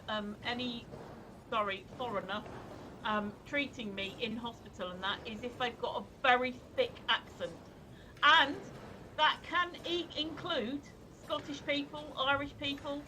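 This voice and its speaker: A woman's voice: sits high, normal speed, bright, forceful tone, rough recording. A woman co-hosting a live stream, talking in a chatty, rambling way full of fillers and restarts. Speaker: co-host of a live stream show. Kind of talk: casual live-stream chat. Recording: faint background noise.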